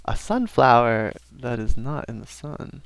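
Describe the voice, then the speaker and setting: A man's voice: medium pitch, sing-song, slow pace, fairly bright tone, smooth, no room sound. A young man giving casual, rambling commentary over a video game, with frequent self-aware asides. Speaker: gaming commentator. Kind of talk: casual let's-play commentary.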